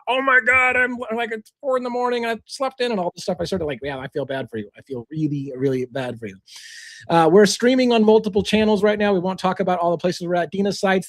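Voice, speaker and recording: A middle-aged man hosting a livestream, short on sleep, telling a story in animated fashion and acting out quotes. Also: high-pitched, dry recording. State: tired from lack of sleep. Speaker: livestream host. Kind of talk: casual livestream chat.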